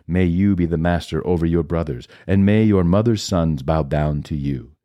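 A man voicing an old blind father who speaks in slow, solemn pronouncements. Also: low-pitched, no echo, highs cut off, close to an everyday voice.

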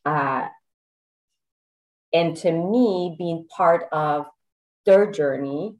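Female podcast guest, deep voice, hesitant, heartfelt. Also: drawn-out words, poor audio. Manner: emotional, hesitant, searching for words. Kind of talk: casual podcast interview.

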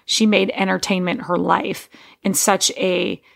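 Female podcast host, casual monologue, gravelly fry, digressive and chatty. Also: medium pitch, level tone, a little slow, a bit bright. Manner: rambling, digressive, frequent restarts.

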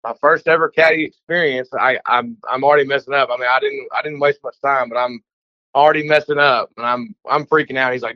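A man's voice: mid-range voice, steady tone, quick pace, no echo. Chatty man from Texas, muffled message. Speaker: listener calling in with a story. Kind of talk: casual recorded voice message.

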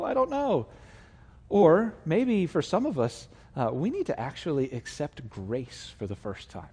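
A man, the lead pastor, delivers a folksy, conversational sermon, full of filler words and asides to the congregation. His voice sits slightly high for a man. The long reverb of a large church sanctuary trails after each phrase. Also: a little mellow.

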